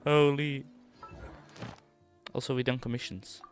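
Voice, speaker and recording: A man's voice: medium pitch, flat delivery, unhurried, soft background music. A man giving casual, laid-back gameplay commentary on a stream, mumbly at times and swearing lightly.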